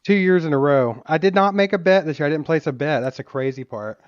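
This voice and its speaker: A man's voice: on the high side, fairly quick, no echo, muffled recording. A man co-hosting a sports podcast, easygoing in casual chat and laughing often. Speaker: podcast co-host.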